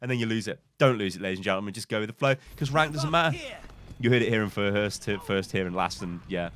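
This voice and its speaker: A man, hosting and commenting on gameplay as a coach, in an animated, theatrical way. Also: lowish voice. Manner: animated, theatrical, quick to exclaim. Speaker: game coach and channel host.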